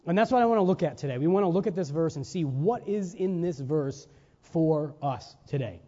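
Man, sermon, high pitch, warm tone, emphatic rhetorical questions, church hall reverb. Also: animated, normal speed. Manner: rhetorical questions and checks with listeners; emphatic, stressing single words. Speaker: preacher. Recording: reverberant hall, dull lo-fi sound.

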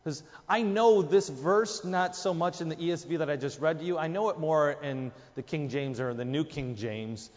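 A man's voice: a little high, moderate pace, few pauses, a little mellow, in a large hall, lo-fi sound. A man preaching a sermon, emphatic, his voice jumping up for quoted lines. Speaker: pastor.

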